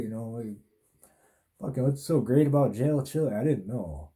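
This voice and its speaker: A man's voice: mid-range voice, lively intonation, moderate pace, dark tone. A man hosting a podcast, telling a long, rambling personal story in a laid-back way, full of swearing and fillers. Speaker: podcast host.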